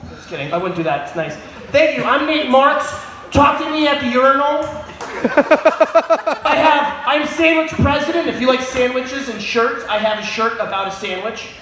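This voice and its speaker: A man doing a crude, crowd-baiting stand-up set on a pub stage, often shouting at the audience. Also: extremely high pitch, normal speed. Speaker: stand-up comedian. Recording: echoey room with crowd noise.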